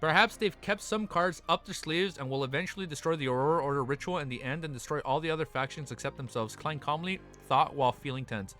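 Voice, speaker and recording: Young man, streamer, bright forceful voice, slightly high, excitable, faint music behind. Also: fast talker, hardly any pauses. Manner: excitable, swears, stumbles over words. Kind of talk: live reading and reaction.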